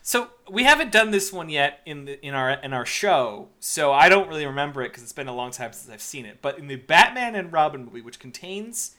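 A man's voice: fairly high pitch, expressive, a little fast, hardly any pauses, bright, forceful tone. A young man co-hosting a podcast, chatting casually about a movie, laughing often and swearing. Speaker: podcast co-host. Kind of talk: casual movie-review banter.

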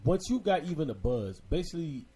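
A man's voice: on the high side, sing-song, a little fast, dark tone, breathy edge. A man co-hosting a podcast who gives his friends earnest advice in casual chat. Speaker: podcast co-host.

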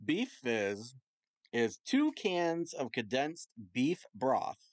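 A man hosting a comedy podcast in playful, teasing chat, quizzing his co-hosts and reading out odd recipes. His voice swings lively up and down, and the sound is close and dry with no room around it. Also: mid-range voice, drawn-out words, no echo. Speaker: podcast host. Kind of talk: casual comedic chat over a remote call.

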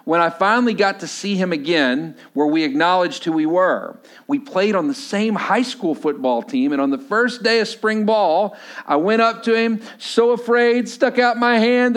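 A man in his thirties, a pastor preaching a sermon in a relaxed, conversational way, telling stories and often filling pauses with "uh". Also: sits high. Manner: conversational storytelling, many filler "uh"s.

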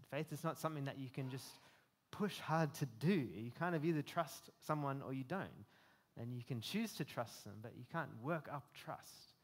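A man with a slightly high voice preaches a sermon earnestly and conversationally, frequently restarting his phrases.

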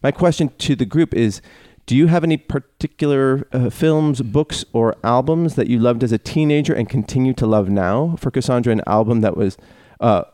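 A man in his thirties hosting a casual podcast chat, reading listener mail in a relaxed way. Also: medium pitch, normal speed, few pauses, no echo. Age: 30s. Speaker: podcast host.

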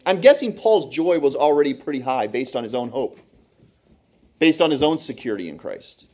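A man's voice: mid-range voice, animated, normal speed, a little mellow. Earnest emphatic male preacher. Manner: earnest, emphatic teaching with repeated phrases. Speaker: pastor. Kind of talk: sermon.

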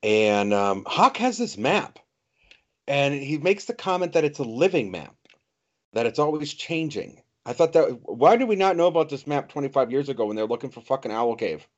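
A man co-hosting a podcast in casual chat, agreeable and hesitant, pausing often on ums and restarting his sentences. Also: medium pitch, big pitch swings. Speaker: podcast co-host. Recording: dull lo-fi recording.

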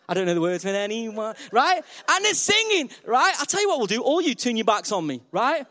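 High-voiced energetic male preacher. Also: a little fast, few pauses. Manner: playful, energetic, directly addresses congregation. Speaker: pastor. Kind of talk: sermon.

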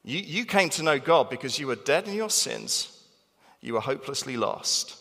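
A man preaching a sermon in a church hall, animated and emphatic, repeating phrases for stress. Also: medium pitch, normal speed, creaky. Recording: long reverb of a large hall.

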